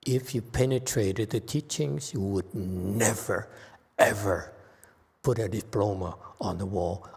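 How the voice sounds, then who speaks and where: Slow-speaking man lecturing in a reverberant hall. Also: sits low, vocal fry, husky. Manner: slow, animated, quizzes the audience. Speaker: Buddhist teacher. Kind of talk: Dharma lecture.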